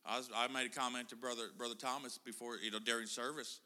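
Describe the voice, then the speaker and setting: A man's voice: mid-range voice, little pitch movement, quick pace, pushed and bright. A middle-aged man preaching a casual sermon in a church, chatting and joking with the congregation. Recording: church hall reverb.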